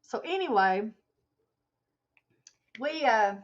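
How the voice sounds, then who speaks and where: A woman hosts a casual livestream, spinning an animated story and answering chat comments along the way. Her voice sits a touch high. The audio is dull and muffled, like a basic stream mic. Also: drawn-out words. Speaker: livestream host.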